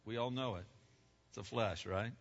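A man in his seventies preaching a sermon, emphatic and swinging from loud declarations to hushed words. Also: fairly low pitch, moderate pace, gravelly. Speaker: pastor. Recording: dull, lo-fi recording with long hall reverb.

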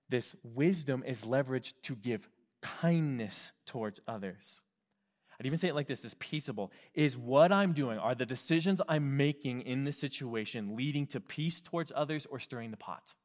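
A man preaching a sermon as pastor, lively, acting out quoted voices and dropping to soft whispers. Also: mid-range voice. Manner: animated, acts out quoted voices and drops to whispers. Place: California.

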